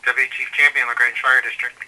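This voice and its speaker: A man working as a deputy fire chief, answering a call in a brisk, matter-of-fact way. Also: mid-range voice, level tone, pushed and bright. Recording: noisy phone line.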